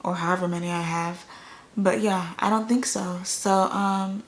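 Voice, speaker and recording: A woman's voice: lowish voice, fairly even intonation, unhurried. Laid-back young woman vlogger, rambling. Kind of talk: casual chat.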